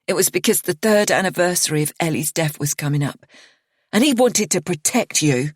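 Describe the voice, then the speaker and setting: A woman reading an audiobook voices a bitter, grieving young woman who drawls slowly and breaks into higher-pitched whispers. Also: lively intonation, husky, no echo, studio quality. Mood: accusing. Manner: slow drawling, whispered and shrill.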